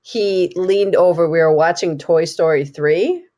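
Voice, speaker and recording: A middle-aged woman hosting a relaxed live interview, chatting and laughing often. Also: fairly low pitch, unhurried. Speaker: host. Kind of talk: casual live interview chat.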